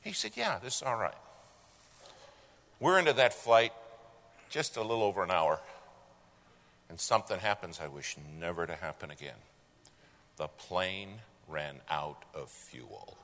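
Animated man telling a folksy story. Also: deep voice, unhurried, pauses often. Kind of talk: live anecdote storytelling. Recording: long hall reverb, faint noise.

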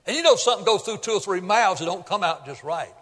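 A pastor with a notably high voice preaches a sermon. He tells homespun stories and climbs into shouting at the peaks. His voice rings out through the long reverb of a large sanctuary. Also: expressive, fast talker. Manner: folksy storytelling, builds to shouting at high points.

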